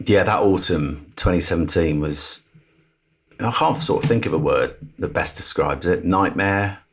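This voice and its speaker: A man's voice: low voice, measured pace, slightly rough. A middle-aged Englishman, a TV presenter and podcast guest, telling his personal story with candour and acting out the voices of others. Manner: animated storyteller who acts out the voices of others.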